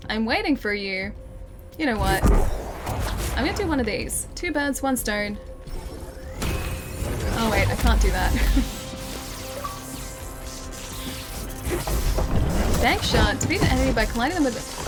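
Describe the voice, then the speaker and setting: A young woman streaming a game and chatting with viewers, speaking clearly with a slight lisp from her retainers. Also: on the high side, sing-song, slow, long pauses. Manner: clear, well-enunciated speech. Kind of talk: casual live-stream gameplay chat. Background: game music.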